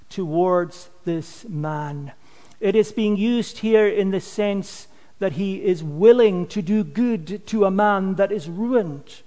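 A man's voice: high-pitched, big-room sound. A man preaching a sermon, earnest and emphatic, his voice falling away at the end of phrases. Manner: earnest, emphatic, drops loudness at phrase ends.

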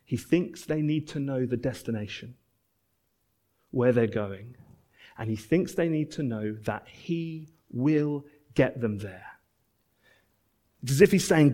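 A man preaching a sermon, earnest and emphatic, repeating phrases and dropping to soft, low endings. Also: lively intonation, slow, long pauses.

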